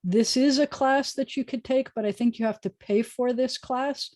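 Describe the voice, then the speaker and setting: A woman's voice: high voice, moderate pace, a little mellow, no echo. A woman rabbi giving a casual online lesson over a video call, chatty and thinking aloud with many fillers. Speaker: rabbi teaching a class.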